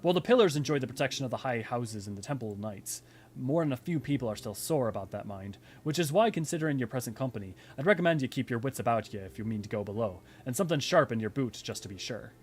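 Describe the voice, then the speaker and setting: A man voicing a blunt middle-aged tavern keeper in a fan reading of game dialogue, talking in a plain, folksy, low and measured way. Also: expressive, slight background noise, close to an everyday voice. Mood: wry.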